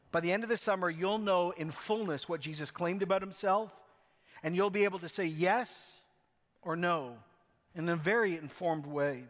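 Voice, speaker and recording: A man's voice: high-pitched, a bit bright. A male pastor preaching a sermon, telling a self-mocking story with wry humor before turning to scripture, in a church. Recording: long hall reverb.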